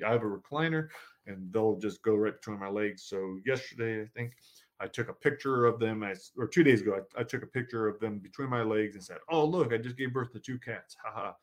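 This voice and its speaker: A man who writes horror fiction, chatting casually in a vlog about his upcoming writing projects, rambling with lots of fillers and self-corrections. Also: lowish voice.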